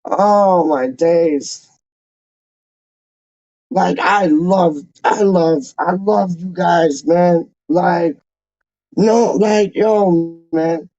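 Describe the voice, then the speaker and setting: A man's voice: high voice, extremely slow, dark tone, no room sound, muffled recording. A man hosting a fan channel, talking in a casual, slangy and emotional way with many repeated exclamations.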